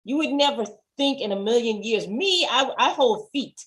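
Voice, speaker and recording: Chatty woman with lively pitch. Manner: chatty, agreeing often, quick asides. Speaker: podcast co-host. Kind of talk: casual TV review chat.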